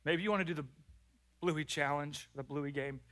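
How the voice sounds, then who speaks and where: Bright-voiced animated male pastor. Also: a little high, normal speed. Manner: animated, acts out prayers and complaints in lively voices. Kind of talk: sermon. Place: church.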